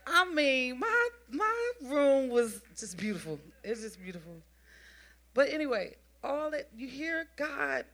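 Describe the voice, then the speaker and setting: A woman giving an informal sermon, telling a personal testimony in an animated way and talking straight to the congregation, often repeating and restarting her phrases. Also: fairly high pitch. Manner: addresses the congregation directly.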